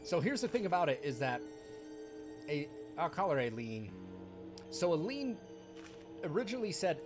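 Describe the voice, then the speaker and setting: A man's voice: fairly high pitch, very animated, brisk, long pauses, over music. A man chatting casually while streaming a game, rambling and candid, with bitter, sarcastic asides. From United States. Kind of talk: casual live-stream chat.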